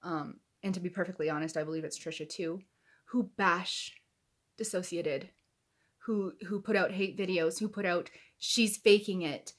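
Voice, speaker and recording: A woman's voice: fairly low pitch, fairly even intonation, normal speed. A woman giving heated, indignant reaction commentary to camera, swearing as she gets angry. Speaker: YouTube commentator.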